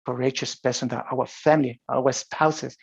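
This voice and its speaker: Gravelly Spanish-accented man, motivational coach. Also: mid-range voice, fairly even intonation, normal speed, muffled recording. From Spain. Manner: storytelling, with frequent restarts and laughs. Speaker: high performance coach. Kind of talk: motivational talk.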